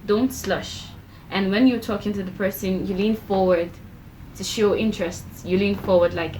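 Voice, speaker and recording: A woman's voice: medium pitch, a little slow, slight background noise, rough recording. A young woman giving self-improvement tips to camera in a chatty way, acting out little quoted exchanges. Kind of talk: casual talk-to-camera advice.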